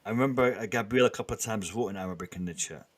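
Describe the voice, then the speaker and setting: A man's voice: lowish voice, racing. Chatty man hosting a live stream. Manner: lively, banters with chat, many restarts. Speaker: livestream host. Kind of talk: casual live-stream chat.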